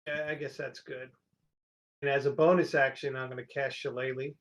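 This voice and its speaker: A man's voice: mid-range voice, little pitch movement, normal speed. A man playing a tabletop game, casually declaring his moves and spells. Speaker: player.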